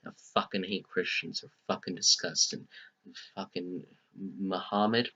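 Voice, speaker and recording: A young man giving a deliberately crude parody album review from his bedroom, rambling and swearing through a trolling rant. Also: low voice, steady tone, bright, forceful tone, slightly rough. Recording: muffled lo-fi home recording.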